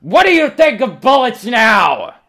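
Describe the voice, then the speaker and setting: Sadistic interrogator, shrieking high, spitting rage, drawn-out yells. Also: male voice, huge pitch swings, exaggerated voice. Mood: unhinged rage. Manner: screeching, spitting fury.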